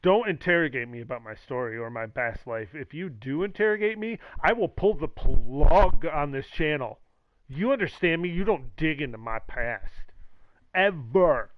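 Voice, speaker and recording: Guy streamer riffing and joking around, kinda high voice, lo-fi dry mic. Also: lively intonation, a little slow, no echo. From the Valley. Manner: jokey, sarcastic, tangents and acted-out quotes. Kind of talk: casual rambling monologue.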